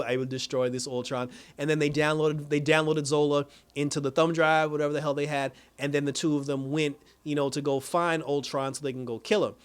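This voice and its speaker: A young man casually recapping a TV episode, talking in loose slang and acting out characters' lines in quick impressions. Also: fairly high pitch. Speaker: video reviewer.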